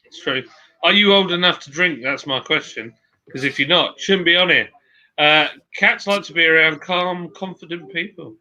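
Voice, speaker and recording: A chatty man with a very bright, forceful voice, hosting a relaxed livestream and reading out viewer messages. His pitch sits a bit high for a man, and the stream audio sounds dull and lo-fi. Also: normal speed. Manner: chatty, laughing, reads chat aloud. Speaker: host. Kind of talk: casual livestream chat reading viewer comments.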